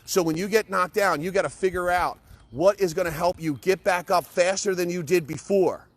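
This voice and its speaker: A man's voice: high-pitched, moderate pace, no room sound. A middle-aged man giving an impassioned, blunt pep talk to camera, emphatic, repetitive and peppered with swearing. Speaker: motivational vlogger.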